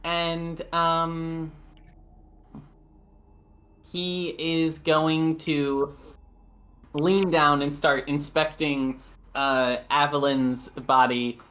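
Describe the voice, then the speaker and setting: A man's voice: fairly high pitch, flat delivery, drawn-out words, long pauses, fairly bright tone. A man narrating a tabletop role-playing game as game master, rambling with fillers and laughing at himself. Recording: dull lo-fi audio.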